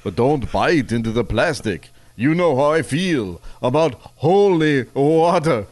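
A man's voice: medium pitch, lively intonation, a little slow, a little mellow, voice pushed up, natural voice. A man voicing a corny Dracula-style male vampire comedian with a mock Transylvanian accent, groaning at his own jokes. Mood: hammy. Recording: noisy playback with clicks.

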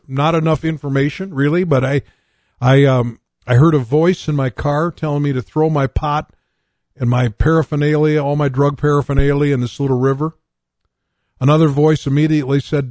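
A man's voice: fairly high pitch, normal speed, darkish tone, dry recording. An older man from North Dakota preaching a radio sermon, telling his own testimony and reading scripture in an earnest way.

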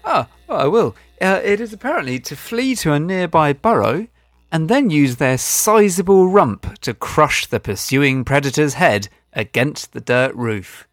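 A man's voice: a little high, animated, unhurried, dry recording. A man co-hosting a comedic chat show, talking in a wry, dry and hesitant manner. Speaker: podcast co-host.

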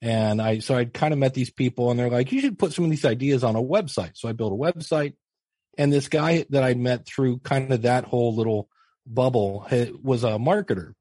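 A husky middle-aged man recounts his early days on a podcast, chatty and self-mocking. He slips into animated voices for the people he quotes. The sound is dry and close. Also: mid-range voice, a little fast, no room sound. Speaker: podcast guest and teacher. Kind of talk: casual storytelling interview.

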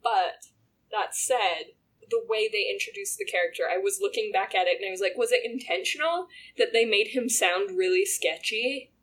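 A woman co-hosting a casual podcast chat, animated and laughing often as she talks over a TV drama. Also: mid-range voice, normal speed, slight background noise. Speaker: podcast co-host.

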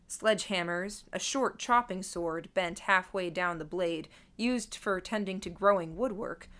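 A woman's voice: medium pitch, fairly bright tone. Wry woman narrating an audiobook. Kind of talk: first-person audiobook narration.

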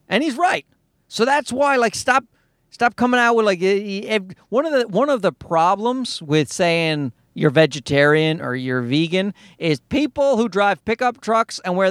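A man's voice: high-pitched, lively intonation, unhurried, fairly bright tone, no room sound, studio quality. A man hosting a podcast, rambling through a profane comedic monologue with bursts of mocking put-on voices. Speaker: podcast host.

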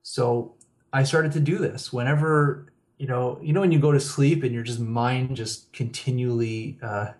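Man, radio interview guest, mid-range pitch, storytelling, laughs between phrases. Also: steady tone, normal speed, darkish tone. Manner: chuckles often while telling stories. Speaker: guest author.

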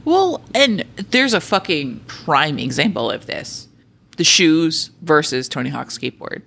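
A woman co-hosting a podcast in casual chat, excitable and sweary, often trailing off mid-thought. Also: deep voice, a little slow, creaky, husky. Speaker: podcast co-host.

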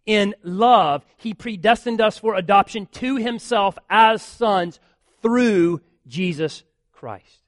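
A man's voice: high-pitched, slow pace, dry recording, clean studio sound. A man, a pastor, preaching a sermon earnestly, building emphasis with repeated phrases.

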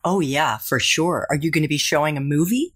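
A woman in her forties hosting a podcast, introducing and interviewing a guest with a lively, playful delivery. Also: deep voice, a little fast, slightly rough. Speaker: podcast host.

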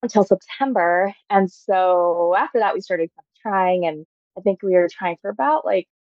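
A woman's voice: medium pitch, normal speed, darkish tone, no room sound, highs cut off. A woman in her thirties, a podcast guest, telling her personal story in a chatty, casual way, full of "like" fillers and frequent laughs. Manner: chatty, heavy use of "like" fillers, laughs often.

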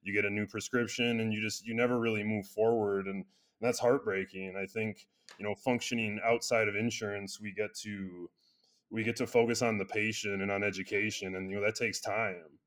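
Bright-voiced man, earnest and rambling. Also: on the low side, little pitch movement, brisk. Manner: earnest, speaks in loose restarts with many "you know" fillers. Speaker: chiropractor and clinic founder. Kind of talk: casual interview conversation.

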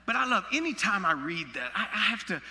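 A pastor from Alabama with a Southern accent, preaching a sermon with folksy, joking asides. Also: male voice, sits high, big pitch swings, a little fast, bright, forceful tone, big-room sound.

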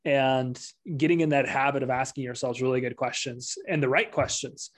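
Relaxed male podcast host. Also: mid-range voice, normal speed. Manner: relaxed, asks questions, chuckles often. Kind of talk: conversational interview.

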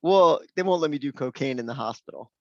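A man's voice: fairly high pitch, animated, quick pace, dry recording, muffled recording, lightly acted. A man voicing a laid-back, unbothered hospital patient who speaks in a casual, matter-of-fact way.

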